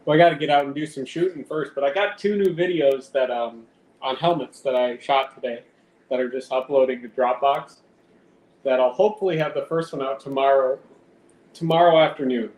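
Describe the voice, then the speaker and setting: A man's voice: mid-range voice, a little fast, a little mellow. A man rambling casually on a live stream at home, swearing now and then and talking to his cat. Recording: roomy with faint background noise.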